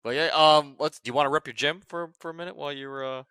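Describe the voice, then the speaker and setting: A man's voice: fairly high pitch, quick pace, bright, forceful tone, smooth, dry recording, studio quality. A man co-hosting a podcast, chatting casually and cheering his friend on with eager interjections. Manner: enthusiastic, encouraging interjections. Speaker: podcast co-host. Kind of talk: casual chat.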